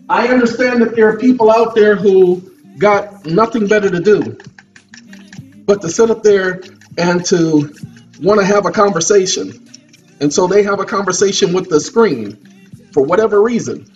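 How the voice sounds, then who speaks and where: Man, high voice, lecturing vlogger, repetitive and preachy, dull distant mic. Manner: repetitive, lecturing, asks "okay?" often. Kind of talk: preachy monologue to camera. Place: at a computer desk.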